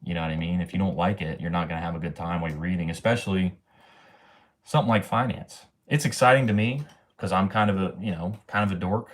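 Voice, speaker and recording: Deep-voiced young man chatting on stream. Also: fast. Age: 20s. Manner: slangy and profane, says bro and man a lot. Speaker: livestream host. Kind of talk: casual livestream chat.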